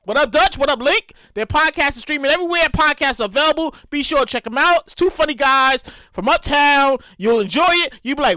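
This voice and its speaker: A woman's voice: high-pitched, fairly quick, hardly any pauses, no room sound, clean studio sound. A woman hosting her own podcast in a casual, profane, ranting monologue. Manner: animated, profane, ranting storyteller. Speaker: podcast host.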